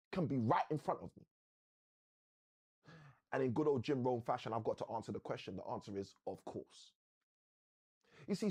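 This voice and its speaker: A man hosting a live motivational session, telling a story like a preacher with slow, dramatic emphasis. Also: fairly high pitch, slightly rough.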